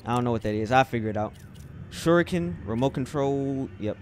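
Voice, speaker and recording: A man's voice: mid-range voice, expressive, fairly quick, a little mellow, slight background noise. Hyped young man gaming with slang. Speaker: gaming YouTuber. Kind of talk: let's play commentary. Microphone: headset. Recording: voice over game music.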